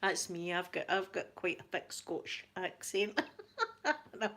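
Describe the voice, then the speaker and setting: A woman's voice: fairly low pitch, steady tone, a little slow, fairly bright tone. A woman with a Glaswegian Scottish accent chatting casually on a live stream, laughing often and repeating herself as she answers viewers. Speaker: ASMR channel host answering live chat.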